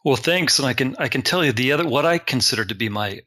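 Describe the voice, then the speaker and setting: A middle-aged man, a guest artist, telling relaxed, self-deprecating stories in a casual interview. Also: medium pitch, quick pace.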